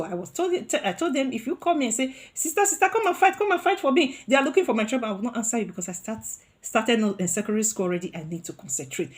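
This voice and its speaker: A woman from Africa vlogging, telling a personal story with lively, expressive delivery and acted-out quoted voices. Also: mid-range voice. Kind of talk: storytime vlog.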